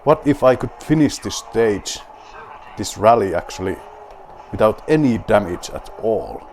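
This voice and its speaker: Slow, low-voiced Finnish-accented gamer man. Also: expressive, darkish tone, slight background noise. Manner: wry, mock-grand self-talk. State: drinking beer while playing. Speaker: gaming video host. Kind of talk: playing a rally game with running commentary.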